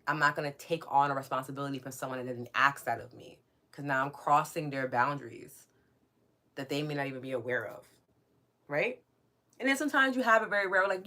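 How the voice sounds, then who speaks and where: A woman's voice: low-pitched, brisk, pushed and bright. A woman hosting a live podcast, reading viewer comments aloud in casual chat, candid and mildly profane, laughing often and asking "right?".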